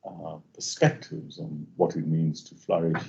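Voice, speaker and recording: A man giving a halting academic seminar talk, full of fillers and restarts, over muffled online call audio. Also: extremely low pitch, flat delivery, creaky, a little mellow, slight background noise. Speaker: invited speaker.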